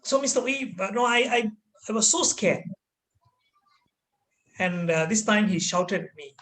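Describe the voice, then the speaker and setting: Animated storyteller man. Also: high-pitched, measured pace, low-quality recording. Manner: animated, dramatic storyteller with hesitant fillers. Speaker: corporate trainer. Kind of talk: personal storytelling talk.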